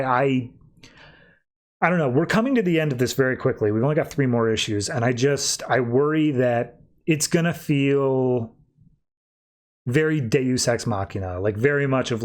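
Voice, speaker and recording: A man hosting a podcast, casually recapping comic issues in a loose, offhand way. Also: mid-range voice. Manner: recaps scenes loosely, tossing in quick offhand voices for characters. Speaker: podcast host.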